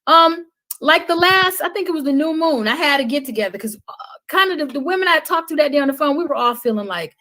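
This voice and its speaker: A woman with a somewhat high voice talks with fervent conviction on a podcast, like a preacher. Her delivery swells loud, then drops to a hush. She sounds like a guest on a live stream. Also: animated, fast talker, poor audio. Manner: impassioned, preaching cadence, swings from loud to hushed. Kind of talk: passionate podcast talk.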